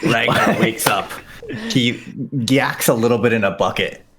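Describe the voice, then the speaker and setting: A man's voice: medium pitch, normal speed, noisy background. Guy in the game group, middle voice, just chatting. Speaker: player. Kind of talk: casual chat.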